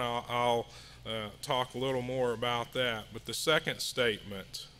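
A man delivers a sermon to a small house church, reading scripture and hymn lines in a slow, measured way. His voice is bright and forceful. Faint background noise sits under the recording. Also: mid-range voice. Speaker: lay preacher. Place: house church meeting room.

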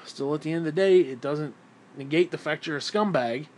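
A foul-mouthed man vents in a heated, sarcastic vlog rant about faith and politics. His voice sits a little high for a man, and he swings between shouting and muttering. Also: fairly quick. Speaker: vlogger. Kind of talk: angry religious rant.

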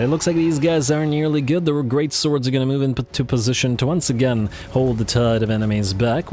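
A man giving relaxed let's-play commentary on a strategy game, thinking aloud with frequent pauses, his voice going a little hoarse. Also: mid-range voice, slight background noise. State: losing his voice. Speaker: gaming YouTuber.

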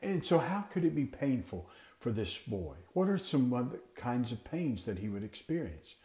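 A man's voice: medium pitch, sing-song, normal speed, mellow, echoey room. A man explaining a Bible passage to class teachers, asking questions and then answering them himself. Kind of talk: teaching talk for Sunday school teachers.

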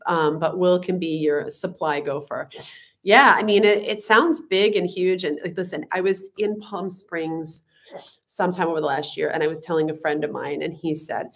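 A woman's voice: on the low side, normal speed. A woman co-hosting a live stream, congested and sniffly, chatting loosely with many fillers and restarts as she reads out viewer comments. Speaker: channel co-host.

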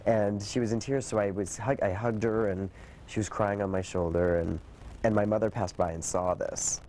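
A man's voice: on the low side, normal speed, a little hiss or hum. A man recounting his own story in an interview, acting out what his mother said. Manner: animated retelling with quoted dialogue. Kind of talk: personal storytelling.

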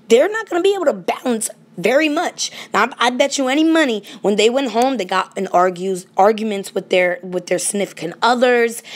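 A woman paranormal vlogger ranting casually and indignantly straight to her viewers. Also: fairly high pitch. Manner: animated, indignant, talks to viewers directly. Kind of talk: casual direct-to-camera rant.

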